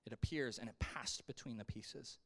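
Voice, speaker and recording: A young adult man teaching a Sunday school lesson in a relaxed, conversational way, acting out the people he quotes. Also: medium pitch, moderate pace. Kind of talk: casual Bible lesson.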